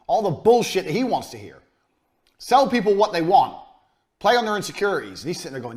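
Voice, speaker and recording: A man's voice: a little high, very animated, fast talker. A man giving a business lecture as a coach, blunt and profane, hammering his points home by repeating them.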